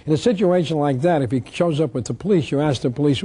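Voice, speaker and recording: Emphatic man lecturing, mellow voice. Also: on the high side, fast, few pauses, slightly rough, dry recording. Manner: emphatic, asks rhetorical questions and answers them; reads statutes aloud. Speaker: tax protest lecturer. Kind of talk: instructional talk.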